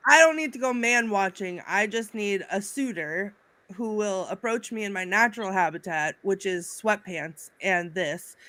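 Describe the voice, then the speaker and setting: A woman's voice: medium pitch, normal speed, pushed and bright, no echo. A woman panelist on a video call, joking about herself in a dry, self-deprecating way. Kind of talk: casual panel chat.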